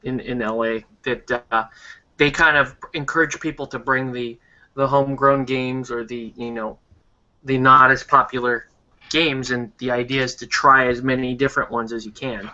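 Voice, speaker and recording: Brief: man with a bright, forceful tone, hesitant and chatty, dull lo-fi sound. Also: medium pitch, fairly even intonation, normal speed. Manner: hesitant, frequent ums. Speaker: podcast co-host. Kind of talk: casual chat.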